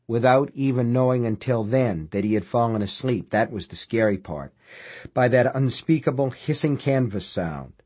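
A man reading horror fiction aloud as an audiobook narrator, dramatic in delivery and sinking to a hushed murmur in the eerie passages. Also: medium pitch, husky.

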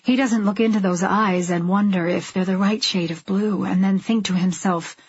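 A woman reading first-person fiction in an intimate, measured, confessional way. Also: medium pitch, fairly even intonation, a little mellow, slightly rough, no echo, muffled recording. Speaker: audiobook narrator. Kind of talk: scripted first-person narration.

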